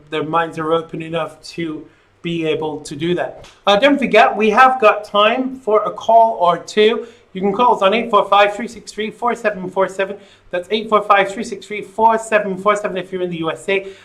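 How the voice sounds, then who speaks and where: Man, talk show host, live call-in, rambling, reads chat comments, bright voice. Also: sits high, normal speed.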